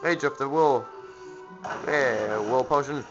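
Very slow, bright-voiced goofy gamer man. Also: mid-range voice, faint music behind. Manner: goofy, humming and shouting at enemies. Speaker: let's play host. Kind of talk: casual gameplay commentary. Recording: slightly muffled lo-fi recording.

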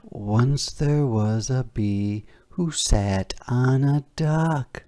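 Man, storybook read-aloud for kids; very slow, bouncy melodic delivery, slight gravel. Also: mid-range voice, warm tone. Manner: slow, sing-song storytelling with animal sounds. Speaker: storybook reader. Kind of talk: children's picture-book read-aloud.

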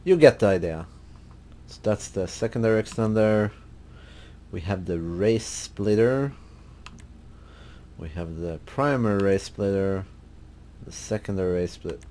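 A man hosting a gaming video, relaxed and thinking aloud as he browses car parts in casual commentary. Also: fairly low pitch, a little slow, pauses often, a little hiss or hum. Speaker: gaming channel host.

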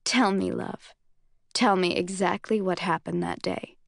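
A woman voicing a self-assured young male commander in an audiobook reading, speaking in a calm, amused drawl. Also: lowish voice, a little slow, gravelly, no room sound. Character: young man, cool, teasing, self-assured military commander.

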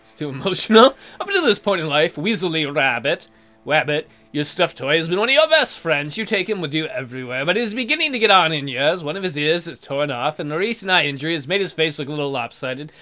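A man's voice: a little high, big pitch swings, fast, sharp tone, soft background music. A man hosting a let's play, reading the game's text aloud and adding wry, sarcastic asides. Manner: wry, sarcastic running commentary.

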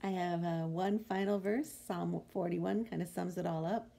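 A woman hosting a devotional, reading Bible verses aloud with short, expressive reflections that swing between emphatic and hushed. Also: fairly low pitch, normal speed, creaky. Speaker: devotional podcast host.

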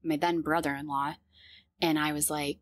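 A woman in her thirties telling a personal story in an earnest, halting way, with many fillers and restarts. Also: low voice, little pitch movement, no room sound.

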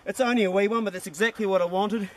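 Out in hill bush country, an older New Zealand pig hunter and channel host chats casually while hunting with his dogs. His high voice moves quickly with fairly even intonation over a noisy background, laid-back and talkative until he bursts into loud praise for the dogs.

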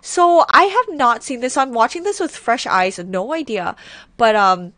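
A woman gushing through casual reaction commentary, excitable, swearing often and saying "oh my god" a lot. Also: on the high side, a little slow, no room sound. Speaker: reaction video creator. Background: faint music video playing.

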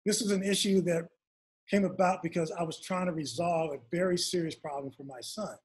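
A man's voice: fairly high pitch, steady tone, fairly quick, breathy edge. A man, an author and guest, telling a long personal story in an interview and acting out his parents' lines.

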